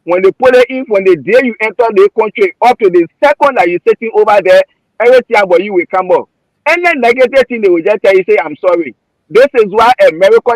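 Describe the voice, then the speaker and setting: A man's voice: high voice, dry recording, low-quality recording. A man with a Liberian accent giving passionate, emotional political commentary, repeating himself as he argues. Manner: emotional, repetitive, heated.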